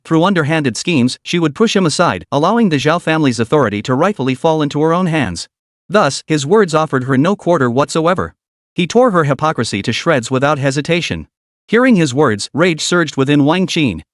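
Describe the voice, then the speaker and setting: A male narrator reading a scripted story recap with dramatic delivery. His voice sits fairly high for a man and moves about a lot in pitch, with dry, close sound and no room echo. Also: animated, a little fast.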